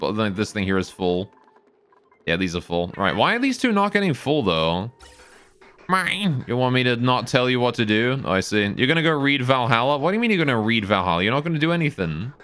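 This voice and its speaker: A man's voice: mid-range voice, fairly bright tone, slight background noise. A man live-streaming a game, thinking aloud about his build and answering his chat.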